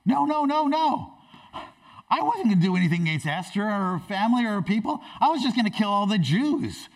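A man playing a frantic scheming official, whiny, high, lively, distant. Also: moderate pace. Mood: panicked.

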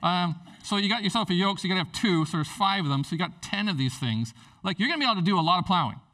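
A pastor preaching a sermon in a church, animated and jokey, acting out characters as he goes. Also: high voice, very fast, recorded from a distance.

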